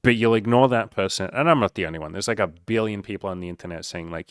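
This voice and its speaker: Speaking straight to camera at a quick pace with few pauses, a life coach gives a blunt, profane motivational monologue, cursing freely and poking fun at the listener's inner voice. His voice is on the low side, a bit bright and smooth, recorded in a dry space.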